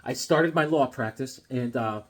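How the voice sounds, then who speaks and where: In a relaxed, jokey vlog, a fifty-something man presents his comic book collection, performing character voices and bursting out loudly at times. His pitch is medium and his pace unhurried.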